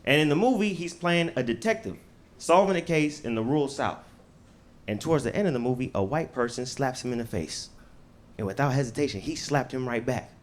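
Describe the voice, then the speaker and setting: A man from the United States performing a stand-up comedy set with punchy, animated delivery and casual swearing. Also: mid-range voice, a little fast.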